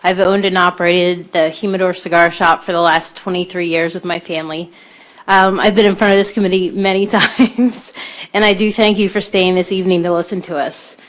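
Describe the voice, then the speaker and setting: A woman's voice: lowish voice, steady tone, a little fast. Earnest woman testifying at a hearing. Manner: earnest, pleading, grows tearful. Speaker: cigar shop owner testifying.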